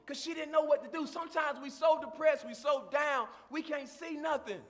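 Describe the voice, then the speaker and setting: A man preaching a sermon with passion, swelling into shouts and repeating phrases for emphasis. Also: very high voice, normal speed, hardly any pauses, big-room sound.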